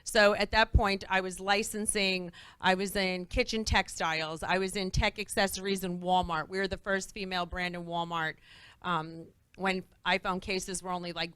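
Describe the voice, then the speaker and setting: A woman talks as a guest on a talk show, her voice bright and forceful. She tells stories animatedly and acts out what others said. The sound is dry and close. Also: on the low side, moderate pace, smooth, dry recording. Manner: animated, acts out quoted dialogue. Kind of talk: lively storytelling talk-show interview. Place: studio before live audience.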